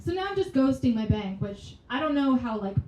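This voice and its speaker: A woman doing a stand-up set in a small club, delivering wry deadpan jokes. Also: sits high, a little fast, muffled recording, slight background noise. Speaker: stand-up comic. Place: small comedy venue. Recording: echoey small venue.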